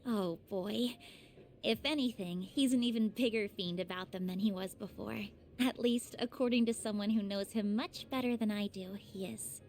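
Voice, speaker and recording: A woman voicing an earnest, shy young woman student in a game, gentle and easily flustered. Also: mid-range voice, normal speed, close to an everyday voice. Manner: gentle, flustered when teased. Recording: game audio with faint music.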